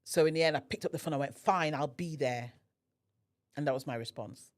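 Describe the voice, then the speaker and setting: Speaking rapid-fire in a low-pitched voice, a podcast guest shares a personal story. She animatedly performs the quoted lines herself.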